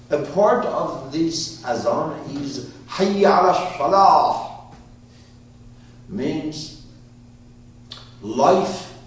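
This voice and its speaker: A man tells an old story to a gathered group, slowly and with lots of pauses, his pitch leaping up and down as he quizzes his listeners. His voice comes from some way off the mic and rings around a very echoey room. A faint background hum sits under it. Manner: animated storyteller, questions the listeners. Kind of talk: storytelling talk to a live group. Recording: roomy hall, voice from far off.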